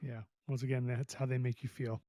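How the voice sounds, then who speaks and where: A man's voice: medium pitch, flat delivery, fairly quick, dark tone, dry recording. A man hosting a podcast interview, chatting enthusiastically and casually with fillers. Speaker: podcast host.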